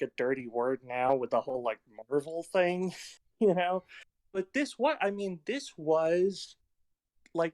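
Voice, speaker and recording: A man's voice: high voice, no room sound. A man hosting a casual film podcast, telling stories in a rambling way with plenty of fillers. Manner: rambling anecdotes with many fillers. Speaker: podcast host.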